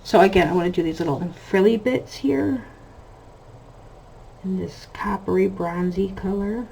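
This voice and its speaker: A woman's voice: mid-range voice, unhurried, creaky, mellow, a little hiss or hum, poor audio. A woman in her thirties with an American accent, chatting casually about her family as she colours, drifting between stories and talking through her work. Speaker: coloring channel host. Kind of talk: casual chat while coloring.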